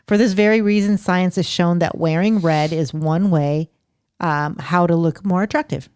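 A woman podcast co-host with a low, sultry voice, chatting casually, giggling and reading list items aloud. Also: normal speed, a little mellow, clear, resonant tone, no room sound, studio quality. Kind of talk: casual chat.

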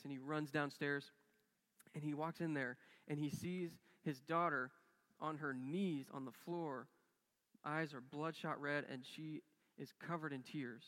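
A man's voice: fairly high pitch, fairly bright tone, long reverb tail. A man preaching a sermon as a pastor, telling a story earnestly and acting out the quoted dialogue with rising and falling intensity. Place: church sanctuary.

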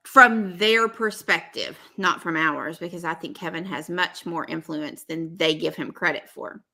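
A woman's voice: fairly low pitch, unhurried, creaky, sharp tone. A woman hosting a podcast, chatting casually in a rambling, gossipy way full of fillers. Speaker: podcast host.

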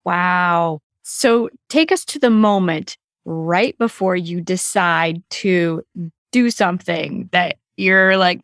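A woman host asks her guest a question at an unhurried pace. Her pitch rises and falls in a lively way, and she playfully acts out a fearful inner voice. The recording is dry. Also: no echo. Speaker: podcast host. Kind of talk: interview questions.

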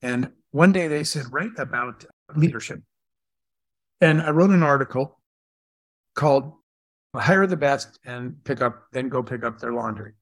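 Middle-aged male entrepreneur, lively anecdote-teller who voices each quote, dry close sound. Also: mid-range voice, a little slow, dry recording. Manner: animated storyteller, acts out quoted dialogue. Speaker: entrepreneur and guest speaker. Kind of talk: storytelling in a live Q&A.

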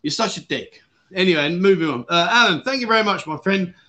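A man's voice: high-pitched, lively intonation, fast, bright, forceful tone. A British man hosting a casual livestream, out of breath, chatty and jokey, rambling with self-corrections. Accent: British English. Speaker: livestream host.

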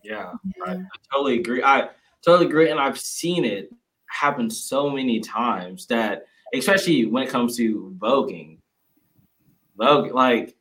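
A man's voice: mid-range voice, moderate pace, a bit bright, poor audio. A man in a group discussion, speaking passionately and emphatically, firing off rhetorical questions. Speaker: discussion participant.

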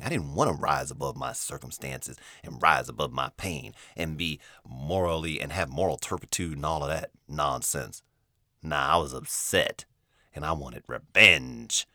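A man's voice: a bass voice, bright, forceful tone, no room sound, clean studio sound. A man hosting a podcast, telling a confessional story in a dramatic, emotive way and repeating himself for effect. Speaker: podcast host.

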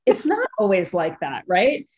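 A woman's voice: mid-range voice, huge pitch swings, a little slow, a little mellow. A woman hosting a casual podcast chat, candid and laughing through her stories. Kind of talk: casual conversation. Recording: dull lo-fi audio.

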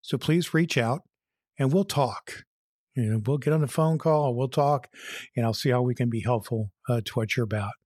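A man's voice: mid-range voice, moderate pace, darkish tone, slightly rough, no echo, clean studio sound. A man hosting a podcast, giving earnest, motivational encouragement and telling a joke. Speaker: podcast host.

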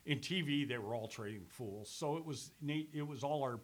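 An older man, a former sales executive, telling animated stories in a casual chat and laughing as he goes. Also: medium pitch, normal speed.

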